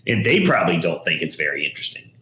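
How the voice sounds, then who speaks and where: A man, a downsizing expert, telling animated stories in a casual interview and acting out the people he quotes. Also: sits low, quick pace, echoey room. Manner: animated storyteller, acts out quoted voices. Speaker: guest, downsizing expert and TV host.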